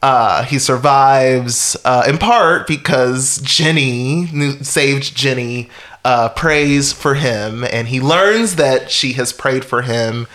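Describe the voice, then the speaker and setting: A man's voice: medium pitch, takes it slowly, a bit bright. A man casually recapping a film's plot as a podcast co-host, rambling and wry, with frequent chuckles and fillers. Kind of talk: casual chat recapping a film.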